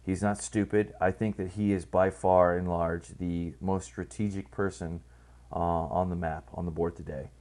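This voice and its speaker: A man's voice: sits low, level tone, moderate pace, a little mellow. A man giving casual, rambling political commentary, blunt and profane, full of fillers and restarts.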